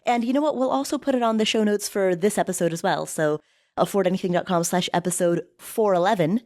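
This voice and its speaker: A woman's voice: medium pitch, fast talker, darkish tone. Upbeat woman podcast host. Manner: upbeat, laughs easily, emphatic. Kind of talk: casual podcast chat.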